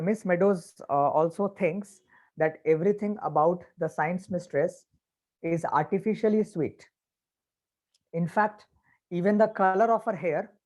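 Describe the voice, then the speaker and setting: Guy teaching a literature class, slow careful explaining w lots of uh's. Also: fairly high pitch, darkish tone. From India. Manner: explains patiently, with pauses and fillers.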